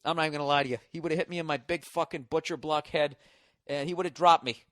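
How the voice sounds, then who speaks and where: Male streamer, slightly high voice, dry close sound, crude animated rant. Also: fast, no room sound. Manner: animated, crude and swearing, repeats words. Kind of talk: casual profane rant.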